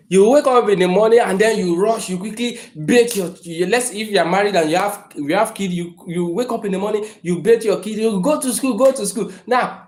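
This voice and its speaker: A man's voice: high-pitched, echoey room. A man hosting a motivational livestream, emphatic and repetitive, talking in a room. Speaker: livestream host. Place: room indoors.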